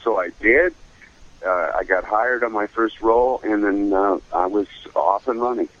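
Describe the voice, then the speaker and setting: An older man, a voice actor, telling career stories in a casual interview, animated and slipping into voices. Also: on the low side, moderate pace, dull audio. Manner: animated storyteller who slips into voices. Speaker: voice actor guest.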